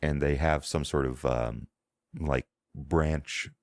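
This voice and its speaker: Very deep, gravelly man narrating a game. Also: fairly even intonation, takes it slowly, a little mellow, dry recording, clean studio sound. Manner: meandering, descriptive, searching for words. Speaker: game master.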